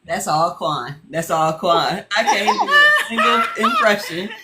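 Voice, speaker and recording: A woman guest on a talk show, chatting casually with a blunt, unhurried manner. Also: on the low side, huge pitch swings, heavy background noise. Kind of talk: casual chat.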